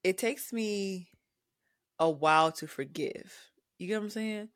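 A woman co-hosting a podcast in casual chat, animated and acting out the things people say. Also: mid-range voice, measured pace. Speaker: podcast co-host.

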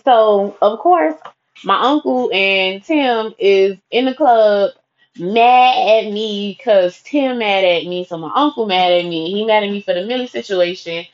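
Young woman, casual storytelling, profane, quotes people as she goes, mid pitch, muffled lo-fi sound. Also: unhurried. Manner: profane, lively retelling full of quoted dialogue. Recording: dull lo-fi recording.

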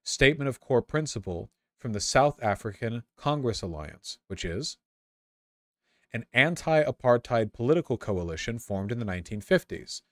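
A man's voice: medium pitch, animated, normal speed, no room sound, clean studio sound. A man reading a history text aloud and breaking off into casual, sarcastic asides, often stumbling and repeating words.

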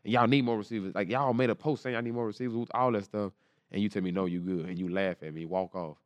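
A man, telling a story as an interview guest in a lively, slangy way and acting out the quotes. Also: on the low side, no echo. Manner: animated, quick storytelling with slang and repeated quotes. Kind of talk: casual storytelling.

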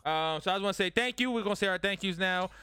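A man's voice: high-pitched, racing, pushed and bright, smooth. A man hosting a casual podcast chat with friends, loose and joking, laughing often. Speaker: podcast host. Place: studio room with several guests.

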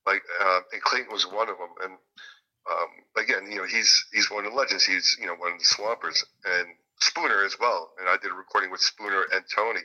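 Rambling, sharp-toned male guest. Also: sits low, fairly even intonation, a little fast, rough recording. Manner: rambling storyteller, many fillers and restarts. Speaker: interview guest, music producer and guitarist. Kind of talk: casual interview chat.

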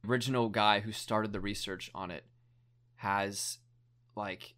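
A young man with a fairly low voice tells a story in loose, casual chat. He rambles, leans on "like" constantly and swears without thinking about it. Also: steady tone, unhurried, fairly bright tone. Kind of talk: casual chat, retelling a documentary.

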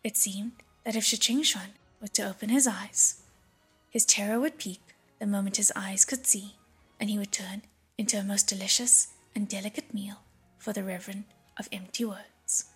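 A woman narrating an audiobook in a breathy, hushed reading voice. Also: medium pitch, steady tone, moderate pace, faint music behind.

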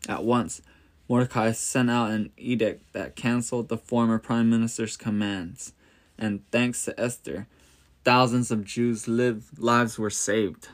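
A man reading a Bible story aloud in a plain, steady way, lightly voicing the quoted characters. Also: mid-range voice, measured pace.

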